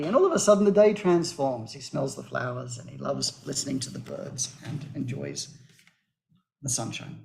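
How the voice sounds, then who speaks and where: A man's voice: medium pitch, creaky, a little mellow. A man, a guest author, animatedly retelling a children's story on a talk show.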